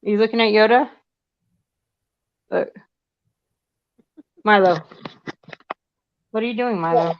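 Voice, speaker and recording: A woman's voice: medium pitch, takes it slowly, long pauses, dry recording. A woman in a casual live chat, rambling and chatty, cooing in baby talk at her cat. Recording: dry, slightly muffled lo-fi audio.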